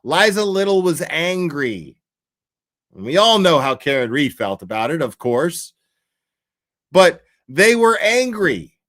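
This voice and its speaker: A man's voice: on the high side, a little slow. A profane, emotional man commenting on a livestream. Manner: animated, profane, emotional and rambling, with restarts. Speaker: livestream host reading case documents.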